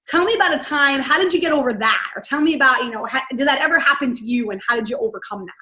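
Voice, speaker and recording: Woman host, high voice, rambling questions, echoey room. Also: rapid-fire, pushed and bright. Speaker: podcast host. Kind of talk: interview questions.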